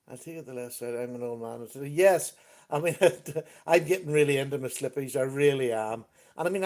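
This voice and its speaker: A man's voice: fairly high pitch, a little mellow. A man hosting a casual livestream chat, greeting viewers by name as he talks. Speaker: livestream host. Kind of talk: casual live-stream chat.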